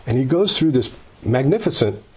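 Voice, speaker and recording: Husky-voiced man sharing his testimony, emphatic, restarts a lot; muffled recording. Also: mid-range voice, moderate pace. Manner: earnest and emphatic, builds to animated peaks; stumbling, with many repeated words. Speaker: speaker sharing a personal faith story. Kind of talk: informal testimony talk.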